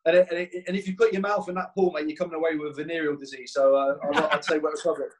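A man's voice: fairly high pitch, steady tone, rapid-fire. A man in his thirties, a footballer guest, chatting casually and laddishly on a podcast over a call, repeating phrases and calling everyone "mate".

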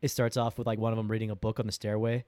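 A man's voice: on the low side, level tone, rapid-fire, darkish tone, no echo. Young male podcast co-host, loose and profane, dry close sound. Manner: laughs a lot, acts out quotes in exaggerated voices, swears freely. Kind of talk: casual chat.

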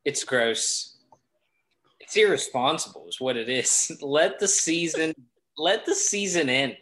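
Bright-voiced man ranting about football. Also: fairly high pitch, lively intonation, measured pace. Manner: irritated, ranting, voice rising. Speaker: podcast co-host. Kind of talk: casual sports chat.

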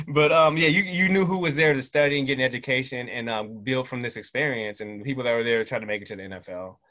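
A middle-aged man telling stories from his past in a relaxed, rambling way, full of fillers and restarts. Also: mid-range voice, fast. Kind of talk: casual interview storytelling.

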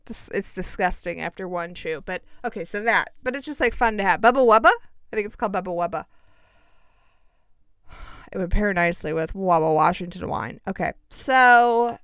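A woman's voice: medium pitch, normal speed, fairly bright tone, clear, resonant tone, no echo, clean studio sound. A woman telling a personal story in a casual, chatty way, full of self-mocking and dramatic asides.

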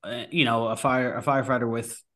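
A firefighter talks casually as a podcast guest and rambles through his points with restarts. His voice is bright and forward, at a middle pitch. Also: steady tone, brisk. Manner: rambling, many fillers and restarts. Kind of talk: casual conversation.

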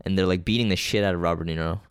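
Speaking very fast in a deep, clear and resonant voice with fairly even intonation, a man runs a casual solo movie podcast. The studio-quality sound has no echo. His rambling recap is packed with fillers, restarts and swearing, and he's unpolished and offhand, often forgetting names partway through a sentence.

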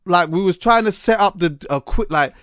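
A man's voice: high voice, moderate pace, clear, resonant tone, no echo, studio quality. A man, hosting a podcast and telling stories casually, full of slang and restarts. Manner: animated storyteller, London slang, lots of restarts. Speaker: podcast host. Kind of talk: casual chat.

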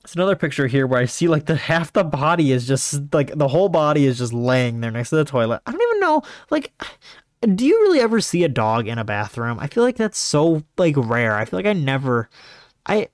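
A man talking casually in a rambling monologue, full of fillers and restarts, with sudden jumps in pitch. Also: big pitch swings, a little fast, dry recording, clean studio sound. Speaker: podcast host.

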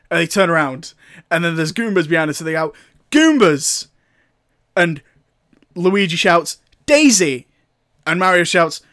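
A man's voice: fairly high pitch, pushed and bright, no room sound, clean studio sound. Amused man rambling through a recap. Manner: rambling and amused, often laughing, sarcastic asides. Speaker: film reviewer. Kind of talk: casual comic film recap.

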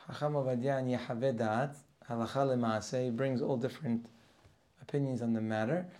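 A man's voice: mid-range voice, fairly even intonation, fairly quick. A man teaching a Torah class for Rosh Hashanah, reading Hebrew verses and translating them line by line. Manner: reads Hebrew verses and translates each, rising and louder as he goes.

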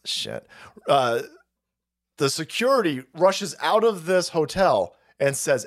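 A man rants on his livestream in a foul-mouthed, mocking way. His voice sits fairly high and swings widely in pitch. He often laughs between phrases. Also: very animated, takes it slowly. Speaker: livestream host. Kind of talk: profane political rant stream.

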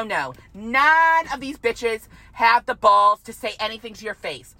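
Bright-voiced young woman ranting angrily. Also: fairly high pitch, lively intonation, a little slow, few pauses, no echo, low-quality recording. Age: 20s. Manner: heated, repetitive, swearing freely. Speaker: vlogger. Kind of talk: angry profane rant to camera.

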